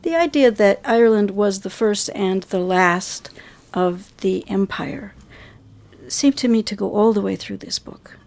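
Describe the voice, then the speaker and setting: A woman's voice: mid-range voice, a little slow, gravelly, a little mellow. A woman hosting a radio interview show, asking questions in an earnest, gracious way.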